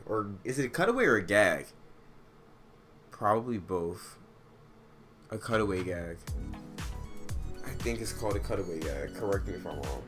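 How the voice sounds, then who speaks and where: A lower-voiced man reads online posts aloud in a casual way while he plays a game. He keeps breaking off into loud, profane rants, and clear music plays under him the whole time. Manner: profane, loud, animated ranting. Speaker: streamer reading and reacting to online stories. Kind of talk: casual gaming commentary with rants. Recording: gameplay music behind the voice.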